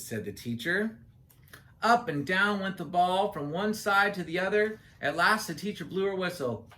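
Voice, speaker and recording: A woman's voice: deep voice, lively intonation, moderate pace, a bit bright. A woman reading a children's picture book aloud, adding playful, chatty asides to young listeners. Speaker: children's story reader.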